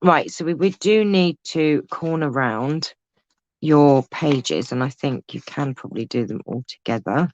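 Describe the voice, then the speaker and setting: A woman's voice: low voice, unhurried, a little mellow, no room sound, muffled recording. A woman hosting a casual craft livestream from home, chatting to viewers and reading out their comments with teasing asides. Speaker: craft host.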